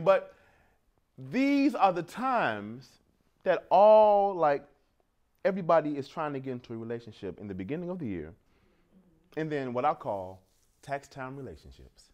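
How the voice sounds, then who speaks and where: A man in his thirties performing a stand-up routine, telling stories and laughing at his own jokes. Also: high voice. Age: 30s. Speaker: stand-up comedian.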